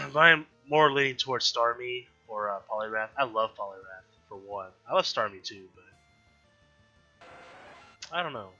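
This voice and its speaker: A gaming YouTuber, nasal from allergies, chats casually and thinks aloud during a let's-play. His medium-pitched voice is bright and forceful, unhurried, with frequent pauses. The dull lo-fi audio has faint game music in the background.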